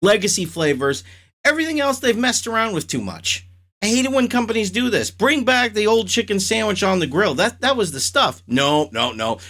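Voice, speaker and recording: Hosting his own show, a man with a high voice talks at a moderate pace in a casual chat. He reacts animatedly and rants, full of strong opinions.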